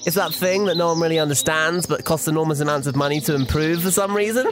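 A man's voice: fairly high pitch, quick pace, over music, pitched above the performer's own voice, close to an everyday voice. A man playing a smug, money-grabbing male influencer who hosts a fake meditation with a mock-soothing voice. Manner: mock soothing, then fake cheerful outbursts. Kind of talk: parody video vlog in a sketch.

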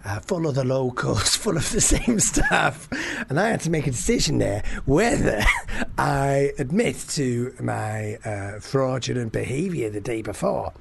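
A man's voice: mid-range voice, animated, unhurried, creaky, a little hiss or hum. A man co-hosting a comedy podcast, telling stories in a casual chat, laughing often and swearing freely. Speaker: podcast co-host.

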